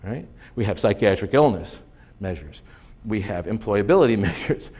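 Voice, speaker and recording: A man's voice: fairly low pitch, lively intonation, normal speed, darkish tone, breathy edge. Emphatic, sarcastic male lecturer. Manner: emphatic, sarcastic, rhetorical questions. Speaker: conference speaker. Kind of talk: lecture presentation. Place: conference hall.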